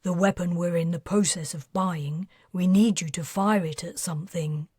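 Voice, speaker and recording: A man's voice: sits high, fairly even intonation, moderate pace, a little mellow, husky, no echo, clean studio sound. A woman voicing a determined man in an audiobook, firm and persuasive. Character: determined man leading a risky plan.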